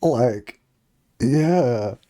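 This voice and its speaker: A man's voice: mid-range voice, expressive, drawn-out words, dark tone, no echo, clean studio sound. A young man streaming a game, chatting casually and rambling, with frequent giggles and lots of filler words. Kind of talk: casual live-stream chat.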